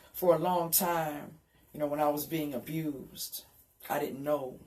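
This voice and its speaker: A woman's voice: low-pitched, a little mellow. A woman giving an emotional personal testimony, speaking emphatically and often checking in with "right?" and "okay?".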